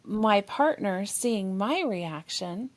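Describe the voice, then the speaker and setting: A woman's voice: mid-range voice, slow pace. A woman therapist, a guest on a podcast, explaining expressively and sometimes acting out what partners think. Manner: expressive, explanatory, acts out partners' inner voices. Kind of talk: conversational podcast discussion.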